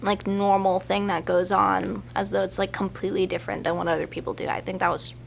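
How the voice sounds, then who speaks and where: A woman's voice: medium pitch, flat delivery, fairly quick, vocal fry, a little hiss or hum. A woman coworker in an office comedy skit, nagging and exasperated as she questions him. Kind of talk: mockumentary comedy acting.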